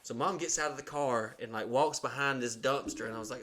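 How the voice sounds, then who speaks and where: With a mid-range voice, a quick pace, and hardly any pauses, an Alabama man hosting a podcast rattles through a long story. He's profane and laid-back, acting out each person's quotes with animation.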